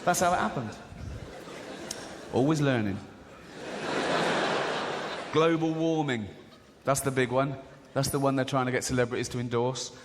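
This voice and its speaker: A man's voice: mid-range voice, normal speed, long pauses, noisy background. An English man in his forties doing stand-up comedy, joking and swearing freely while acting out characters in mock voices. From England. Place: large theatre stage. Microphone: stage mic. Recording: live theatre with long hall reverb. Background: audience laughter.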